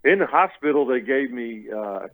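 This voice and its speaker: A man's voice: medium pitch, animated, normal speed, no room sound, phone-quality sound. A man in his late fifties from Louisiana, telling his story as a radio interview guest, rambling with restarts. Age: 50s. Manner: rambling storyteller with restarts, acts out what others said.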